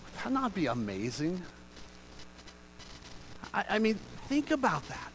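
A man's voice: high-pitched, big pitch swings, measured pace, long pauses, rough recording. Passionate male pastor preaching. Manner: swings from soft reading to loud passionate emphasis. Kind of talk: sermon.

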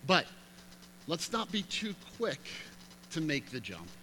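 A man's voice: on the high side, huge pitch swings, takes it slowly, sharp tone, slight background noise. A man preaching a sermon, reading scripture aloud with emphatic rises and chatty asides to his listeners. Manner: emphatic, reads scripture aloud with rising intensity. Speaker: pastor.

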